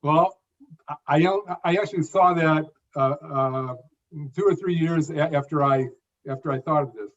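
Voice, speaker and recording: A man around sixty talks as a guest in an interview, his voice sitting a bit high for a man. He speaks in clear emphatic phrases, sometimes repeating a word as he restarts. The audio is dull and lo-fi. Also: normal speed. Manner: phrased, emphatic delivery with occasional repeated words. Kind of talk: conversational interview.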